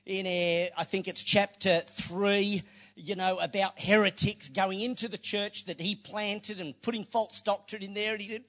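A man's voice: high voice, normal speed. A man preaching a sermon, telling stories with playful, joking asides. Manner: lively storytelling with playful asides.

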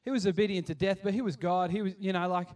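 Man preaching to kids, high voice, casual and rambling, heard from a distance, soft music. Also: steady tone, fast talker. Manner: casual, repeats and restarts, builds to passionate appeals. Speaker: kids church pastor. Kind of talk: sermon. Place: church hall.

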